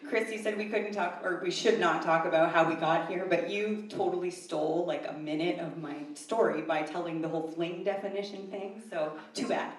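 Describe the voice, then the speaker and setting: A woman's voice: on the low side, steady tone, normal speed, few pauses. A woman in her thirties telling a true story at a live event, chatty and self-deprecating with many fillers. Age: 30s. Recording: echoey room, mic far off, faint ambience.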